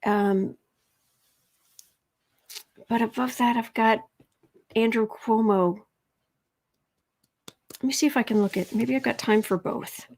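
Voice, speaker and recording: A woman with a Southern accent talks her way through a casual livestream, reading out viewer comments and tossing off sarcastic asides. Her voice sits a little high, and she slips into soft murmurs while she shuffles her cards. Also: steady tone, slow pace, pauses often. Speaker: tarot reader and livestream host.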